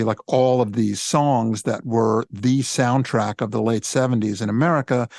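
A man's voice: mid-range voice, darkish tone, no echo, studio quality. A man hosting a podcast, asking casual, chatty interview questions. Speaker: podcast host.

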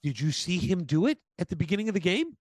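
A man co-hosting a podcast, chatting casually and telling animated stories with acted-out quotes. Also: sits high, fast talker, no echo. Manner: animated storyteller, acts out quotes. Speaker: podcast co-host. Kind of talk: casual chat.

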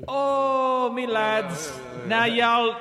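A man's voice: extremely high pitch, fairly even intonation, extremely slow, pushed and bright, heavily acted. A man putting on a cheesy stand-up comedian working a crowd. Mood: hammy. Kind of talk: comedy bit.

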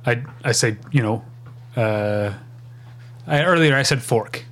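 A man's voice: mid-range voice, slow, fairly bright tone, faint music behind. A man from Saint Louis with a Saint Louis accent, co-hosting a casual podcast chat and often stumbling over his words. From Saint Louis, Midwest. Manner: hesitant, repeats words and restarts, self-deprecating. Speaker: podcast co-host. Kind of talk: casual chat recapping a sitcom.

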